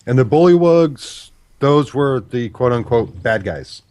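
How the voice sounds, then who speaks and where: A man's voice: medium pitch, animated, measured pace, darkish tone, slight background noise. A man playing a tabletop game, checking details with careful questions. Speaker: player. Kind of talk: casual tabletop game chat.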